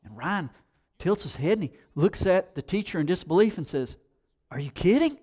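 A male pastor preaching a sermon, telling stories with animated emphasis and rising intensity. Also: high voice, normal speed.

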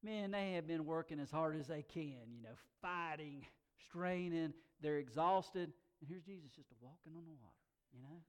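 Animated high-voiced male preacher. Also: moderate pace. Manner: animated, swings from soft asides to loud emphatic bursts; conversational, folksy fillers. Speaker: pastor. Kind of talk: sermon.

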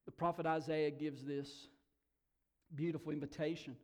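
A man preaching a sermon to a congregation, telling the story dramatically, dropping to hushed whispers and rising to shouts, often repeating words as he restarts. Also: on the high side, flat delivery, moderate pace. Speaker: pastor. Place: church hall, also broadcast on air.

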